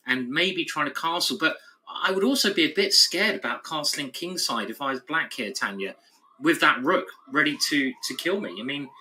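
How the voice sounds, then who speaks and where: A man's voice: fairly high pitch, bright, forceful tone, rough recording. A man giving live chess commentary, thinking aloud through the moves with an analytical, playful manner.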